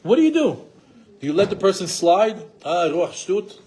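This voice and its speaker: A middle-aged man teaching a class on marriage, lively with rhetorical questions and acting out what spouses say. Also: high voice, normal speed. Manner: animated, rhetorical questions, acts out quoted spouses. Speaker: Torah teacher.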